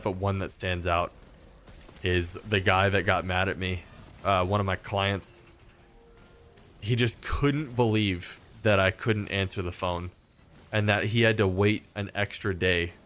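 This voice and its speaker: Low-voiced man chatting while gaming. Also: a bit bright, slight background noise. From Texas. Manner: rambling storyteller, frequent fillers and restarts. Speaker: gaming streamer. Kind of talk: casual chat while gaming.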